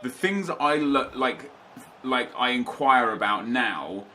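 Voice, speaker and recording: A young man hosts his gaming channel, chatting casually from his home office. His voice is bright and forward, with a slightly stuffy nose. He rambles, restarts sentences and wanders into asides. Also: mid-range voice, lively intonation, takes it slowly, a little hiss or hum. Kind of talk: casual chat to camera.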